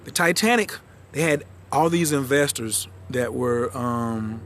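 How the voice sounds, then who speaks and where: A man coaching viewers on a live stream. He talks fast and with animation, in slang. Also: mid-range voice, a bit bright, a little hiss or hum. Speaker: astrology and branding coach. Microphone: phone livestream.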